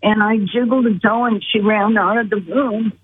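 A woman's voice: mid-range voice, fairly even intonation, moderate pace, slightly rough, no echo. A woman earnestly retelling a personal story as a guest, calling in by phone. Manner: earnest, vivid retelling with quoted voices. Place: phone call. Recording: tinny phone line.

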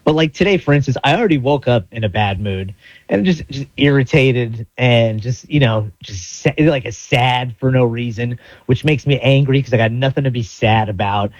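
Rambling, animated radio co-host man. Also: mid-range voice, normal speed, dry recording, muffled recording. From South Florida. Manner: rambling, animated storytelling with voiced inner monologue. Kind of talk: casual radio talk.

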